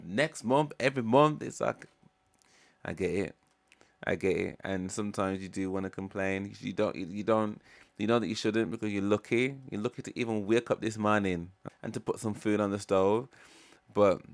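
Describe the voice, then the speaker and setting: A man hosting a music reaction, talking through his thoughts in a relaxed, rambling way with many fillers. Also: lowish voice. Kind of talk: casual reflective commentary.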